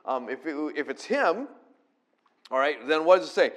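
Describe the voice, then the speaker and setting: Male pastor, sermon, lively pitch, swings from quiet explaining to loud emphatic scripture reading. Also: normal speed. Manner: conversational preaching, rising to loud emphatic peaks when quoting scripture.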